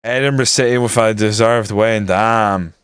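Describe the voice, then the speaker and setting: Man streaming a management game, smooth clear voice, dry close sound, casual grumbling, frequent swearing. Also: lowish voice, fairly even intonation, a little slow, no room sound. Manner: frustrated, grumbling, swears often. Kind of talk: casual live-stream commentary.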